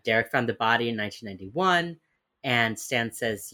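In a bass voice that's pushed and bright, a woman co-hosts a podcast recapping a TV episode at a moderate pace. Expressive and casual, she swears and animatedly voices the characters' lines.

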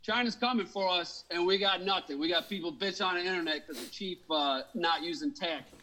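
A man's voice: sits high, steady tone, fairly quick, sharp tone, slight background noise, low-quality recording. A man hosting a casual podcast chat who rants in a heated, profane way. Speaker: podcast host.

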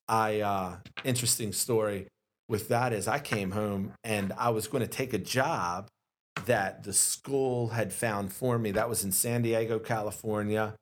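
A man's voice: lowish voice, slow pace. Slangy storytelling pastor, a man. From Maryland, USA. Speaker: pastor, interview guest. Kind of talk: casual storytelling in a podcast interview.

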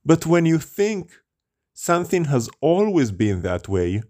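A man's voice: on the high side, very animated, measured pace, mellow. A man preaching as a rabbi, with rhetorical questions and a scornful tone. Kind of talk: sermon.

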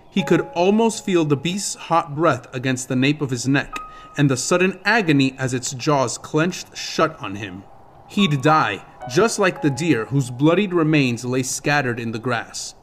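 Guy narrating a fantasy audiobook, even steady read, faint music behind. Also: a little high. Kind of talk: scripted narration.

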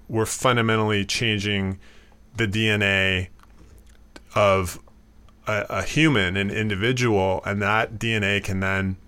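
A man giving explanatory commentary in a low, fairly flat voice. His tone is bright and crisp, and he talks in a halting, thoughtful way with frequent fillers and restarts.

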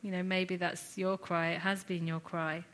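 A woman teaching a sermon series, retelling a scripture story in an earnest, reflective way with lively asides. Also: on the low side, normal speed. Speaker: Bible teacher.

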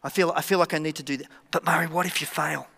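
Male pastor doing a hushed devil tempter, whispered role-play, lightly echoing room. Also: on the high side, fairly even intonation, rapid-fire, natural voice. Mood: whispered taunting. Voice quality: hushed and insinuating. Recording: church hall reverb.

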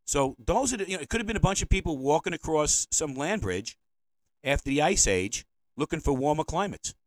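A man's voice: on the high side, big pitch swings, fairly quick, no echo, low-quality recording. Rambling, provocative podcast man. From United States. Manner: rambling, provocative, repeats himself. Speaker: podcast host. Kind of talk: opinionated monologue podcast. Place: indoors, seated at home.

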